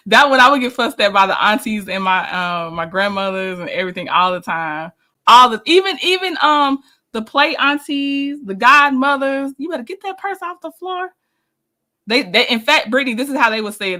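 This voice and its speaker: Woman doing a live stream, bright voice, chatty, laughs a lot, answers her chat. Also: medium pitch. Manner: chatty and animated, laughs often, restarts sentences.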